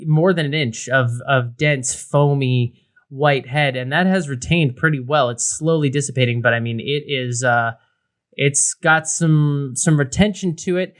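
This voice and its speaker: Here a podcast co-host chats loosely about beers he's reviewing. He talks a little slowly in a mid-range voice, wandering off track with plenty of fillers and false starts.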